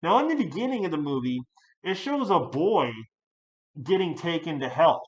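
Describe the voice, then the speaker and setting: A man giving a casual spoken movie review, rambling with many fillers and restarts, now and then bursting out loudly. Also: fairly high pitch, moderate pace, lo-fi sound. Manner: animated, jumps to loud outbursts.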